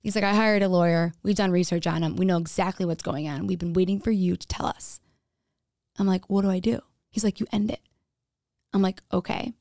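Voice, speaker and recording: A woman's voice: fairly low pitch, steady tone, a little fast, mellow, no echo, studio quality. A young woman candidly telling her own story in a casual way, acting out what others said. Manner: candid, frequent "like", acts out quoted dialogue.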